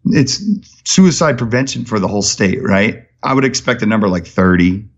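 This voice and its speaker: Energetic storytelling man, lo-fi sound. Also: lowish voice. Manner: energetic storyteller, rapid and animated. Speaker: podcast guest, charity founder. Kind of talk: casual podcast conversation.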